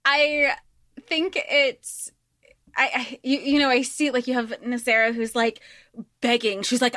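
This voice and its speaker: A woman's voice: on the high side, level tone, unhurried, sharp tone, dry recording, studio quality. A woman co-hosting a podcast, talking casually and animatedly about a book, swearing freely and restarting her sentences. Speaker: podcast co-host.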